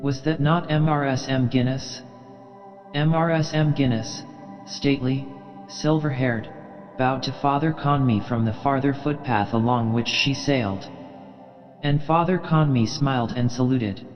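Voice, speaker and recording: A man reads a classic novel aloud at an even, unhurried pace, his mid-range voice trailing into a long hall-like reverb. The sound is a little dull and muffled, with faint music running underneath. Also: medium pitch. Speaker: audiobook narrator. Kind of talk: literary audiobook narration.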